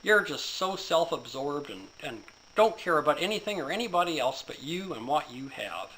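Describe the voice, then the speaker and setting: A man voicing a veteran police officer who lectures in a firm, measured way. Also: a little high, big pitch swings, bright, forceful tone, slight background noise, rough recording. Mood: stern.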